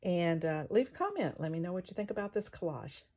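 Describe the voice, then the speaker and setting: A craft channel host with a lowish voice and lively intonation chats casually at a fairly quick pace, thinking out loud as she works on her vlog. As she writes, she sometimes spells out words in soft whispers.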